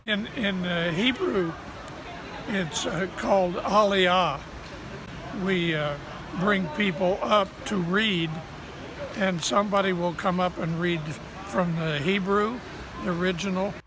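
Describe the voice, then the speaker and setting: High-voiced man explaining haltingly. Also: noisy background. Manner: halting, with many fillers. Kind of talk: casual explanation.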